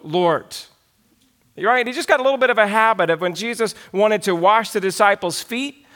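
Male pastor, high-pitched, emphatic sermon delivery with scripture readings. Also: a bit bright. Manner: emphatic, reading scripture aloud then explaining it.

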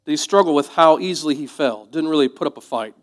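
A man's voice: fairly high pitch, fast. Conversational, reflective male preacher. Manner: conversational, reflective, drops to soft asides. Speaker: pastor. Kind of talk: sermon.

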